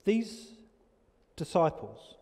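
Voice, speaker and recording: New pastor in a reverberant church. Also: male voice, fairly high pitch, very animated, darkish tone. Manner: conversational, with many pauses and fillers, speeding up and slowing down for emphasis. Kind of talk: informal storytelling sermon. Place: church sanctuary during a service.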